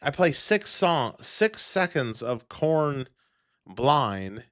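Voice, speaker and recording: A man's voice: a little high, big pitch swings, extremely slow, fairly bright tone, dry recording. Profane rambling male livestreamer, dry sound. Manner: rambling, profane, laughs often. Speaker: livestream host. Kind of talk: casual livestream chat.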